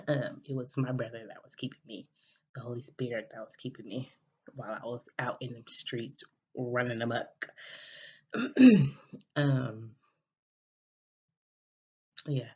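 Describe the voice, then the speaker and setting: A woman's voice: very deep voice, slow, pauses often, warm tone, husky. A woman hosting a podcast, telling a personal story in a rambling casual way, full of fillers and restarts. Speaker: podcast host. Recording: dull lo-fi recording.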